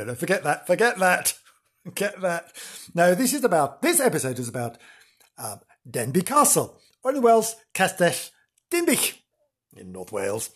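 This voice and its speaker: A man's voice: fairly high pitch, fairly bright tone, breathy edge. A man hosting a podcast, camp and theatrical, giggling as he talks. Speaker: podcast host. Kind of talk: playful podcast narration.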